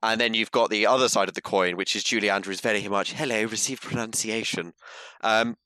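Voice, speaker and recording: A man's voice: lowish voice, fast, smooth, dry recording. A man co-hosting a podcast, chatting casually about games and mimicking for laughs. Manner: animated, mimics accents for laughs. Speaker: podcast co-host. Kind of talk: casual gaming chat.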